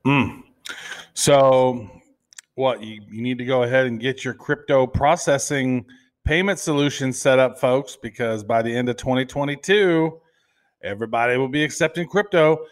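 A man with a mid-range voice, speaking at a normal speed, co-hosts a crypto show. His casual chat is rambling and playful, full of fillers and restarts.

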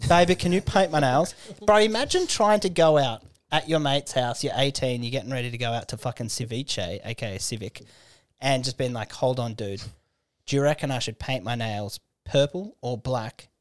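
A man's voice: mid-range voice, moderate pace, no echo, studio quality. A man in his thirties with an Australian accent, co-hosting a podcast and telling crude rambling stories between laughs. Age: 30s. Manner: rambling storyteller, laughs often. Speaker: podcast co-host. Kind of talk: crude casual banter.

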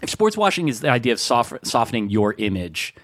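Male podcast co-host, mid-pitched, rambling, lively, dry close sound. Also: fairly quick, dry recording. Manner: rambling, animated, many fillers. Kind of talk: casual chat.

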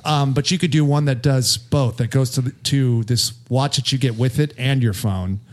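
A man's voice: mid-range voice, fairly even intonation, normal speed. Man, podcast co-host, casual chat, dry, wisecracking, practical.

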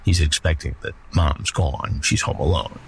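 A man hosting a podcast, retelling a story in a measured, dramatic way. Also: a bass voice, steady tone, vocal fry, a little hiss or hum. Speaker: podcast host. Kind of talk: storytelling narration.

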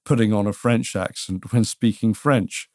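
A man's voice: lowish voice, normal speed, a little mellow, dry recording. Wry British man on a dry mic. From Britain. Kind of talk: casual history podcast chat.

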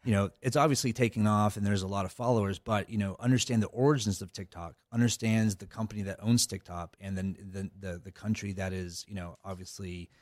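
A man speaks as an interview guest in a low, deep voice. He rambles, restarting phrases and leaning on fillers. The sound is dry and close. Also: fairly even intonation, brisk, hardly any pauses, no room sound. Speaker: cybersecurity guest. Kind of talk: casual interview talk.

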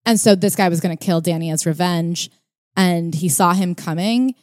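A woman's voice: fairly low pitch, normal speed, darkish tone, no room sound, studio quality. A woman co-hosting a casual podcast chat about a book, retelling stories and reading out quotes with energy. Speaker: podcast co-host.

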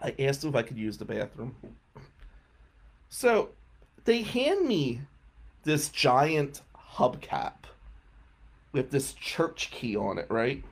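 Throat-clearing man telling a story. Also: mid-range voice, very animated, slow, long pauses. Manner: clears throat often, chuckles mid-sentence. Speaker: radio show host. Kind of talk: casual comic storytelling.

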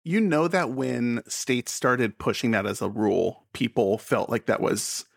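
A man's voice: medium pitch, unhurried, vocal fry, dry recording. Goofy cohost guy, silly wordplay, singsongy riffs, dry sound. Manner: playful, silly wordplay and sing-song riffs. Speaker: podcast co-host. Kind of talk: casual comedic chat.

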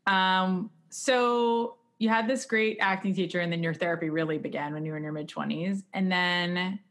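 Female interview host, low-pitched, warm encouragement. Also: normal speed. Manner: encouraging, affirming. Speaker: podcast host.

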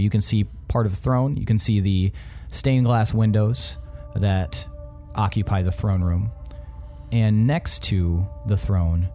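Man, game master, narrating a tabletop game, low pitch, mellow tone.

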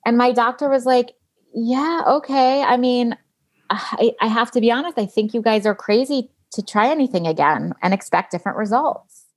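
Guesting on a show, a woman in her late thirties shares a frank story from her own life, performing others' lines with animation and cursing offhandedly. Her voice is a little high and she talks at a normal speed.

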